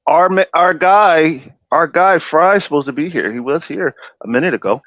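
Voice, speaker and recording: A man's voice: fairly high pitch, moderate pace, no echo. A man hosting a casual talk show, laid-back and slangy. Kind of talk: casual chat. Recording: dry, dull lo-fi audio.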